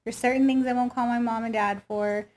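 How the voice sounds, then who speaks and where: A woman in her late thirties with a high, bright-pitched voice hosts a relaxed interview. She tells stories with plenty of animation and slips into the voices of the people she quotes. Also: fairly quick. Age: 30s. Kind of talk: casual chat.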